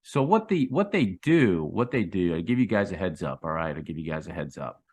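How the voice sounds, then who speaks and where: Low-voiced, very animated, and fairly quick, with a slightly rough, mellow tone, the crypto channel host talks viewers through chart patterns. He is a middle-aged man who sketches on a chart as he goes, restarting and repeating himself and ending lines with "okay?" or "right?"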